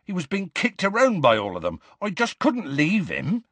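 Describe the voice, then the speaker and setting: A man voicing a huge, gentle half-giant who talks earnestly and desperately with rustic grammar, in an audiobook. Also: high-pitched, wildly swooping pitch, moderate pace, dry recording, pitched above the performer's own voice, full character voice. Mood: anxious, explaining. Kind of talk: audiobook character voice.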